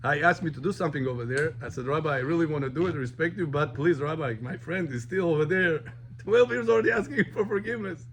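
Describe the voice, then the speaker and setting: A man, a rabbi telling a story to his class in an animated way, mixing in words. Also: a little high, fast. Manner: animated, switches between English and Russian.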